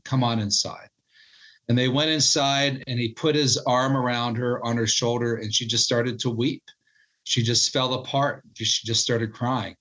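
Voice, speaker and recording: A middle-aged man, an author being interviewed, telling a story in animated fashion and acting out quoted lines. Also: mid-range voice, highs cut off. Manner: animated storyteller, quotes others in their voices. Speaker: author and historian guest.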